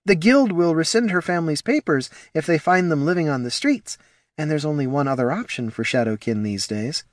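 A man voicing an anxious, motherly female gnoll who speaks gently and pleads. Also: on the high side, fairly quick, no echo, clean studio sound, voice pushed up, natural voice. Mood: pleading.

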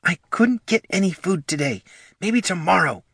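A man voicing a poor, proud female gnoll mother who speaks softly and pleads, in a storybook reading. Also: high-pitched, lively intonation, normal speed, vocal fry, husky, no echo, clean studio sound, pitched above the performer's own voice, full character voice. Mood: pleading.

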